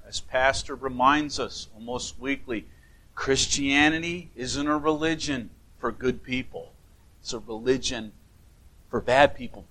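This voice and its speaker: A male pastor giving an earnest memorial sermon in a church sanctuary, speaking gently with frequent restarts. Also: mid-range voice, poor audio.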